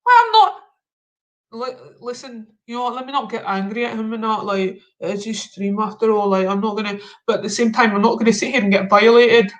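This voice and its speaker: A man's voice: sits high, fairly even intonation, fast talker, hardly any pauses, a bit bright. A man hosting a live stream, chatting casually with slangy, mock-confrontational banter. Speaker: livestream host.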